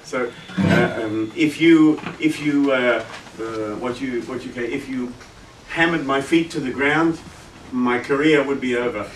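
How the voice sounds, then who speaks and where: A guitarist leads a workshop in a music shop's event room, teaching in a chatty, casual way and vocalizing rhythms aloud. His medium-pitched voice moves at a measured pace with few pauses. The background is noisy, with a roomy echo, a distant mic, and guitar playing.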